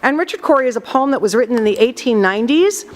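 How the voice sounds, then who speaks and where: A woman drama teacher explaining slowly and deliberately to her class in a classroom. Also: fairly high pitch, expressive. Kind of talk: classroom instruction. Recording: long reverb in a classroom.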